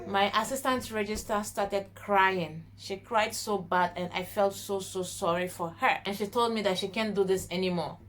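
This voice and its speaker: A woman's voice: fairly high pitch, fairly bright tone. Emotional woman telling a personal story. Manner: emotional, addresses viewers as guys, reenacts prayers and dialogue. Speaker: vlogger.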